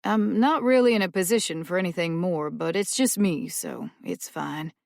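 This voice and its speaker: A woman voicing a hesitant, polite adult man meeting a family, with a gravelly low voice. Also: moderate pace, darkish tone, no echo, studio quality.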